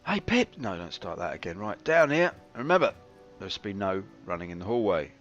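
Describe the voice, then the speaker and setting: A man chats through his game stream with a wry, self-mocking humour, his voice rising and falling in lively swings. The audio is a touch dull, with faint game music underneath. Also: low voice, brisk. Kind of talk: casual live-stream commentary.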